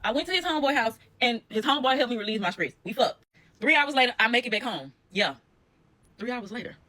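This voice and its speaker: A woman telling a personal story in a blunt, profane, animated way, addressing her viewers directly. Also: a little high, quick pace. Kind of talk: casual storytime monologue.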